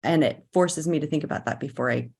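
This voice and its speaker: A woman's voice: low-pitched, quick pace, darkish tone, slightly rough. A middle-aged woman in a casual interview, telling a personal story and now and then acting out other people's lines. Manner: personal storytelling, acts out quoted voices, laughs between phrases. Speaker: guest, nurse and life coach.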